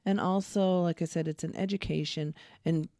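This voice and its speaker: A woman's voice: lowish voice, steady tone, moderate pace, warm tone, no echo. A woman co-hosting a public radio fund drive, chatty and enthusiastic, in a studio. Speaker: radio co-host. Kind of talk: on-air fund drive chat.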